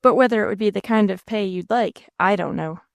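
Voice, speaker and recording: Woman reading as a brisk country landlady. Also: mid-range voice, creaky, no echo, lightly acted. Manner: folksy rural dialect.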